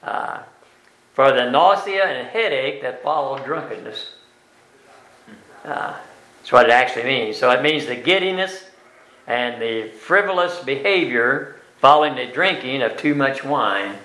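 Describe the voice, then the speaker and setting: An older man leading a Bible study class, explaining verses word by word in a plain, folksy way with many pauses and fillers. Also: mid-range voice, animated, bright, forceful tone. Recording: echoey room.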